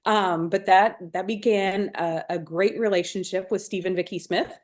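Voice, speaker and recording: A woman, a fair manager, talking in a friendly, relaxed way with many fillers. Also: mid-range voice, moderate pace. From Iowa. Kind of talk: casual interview chat.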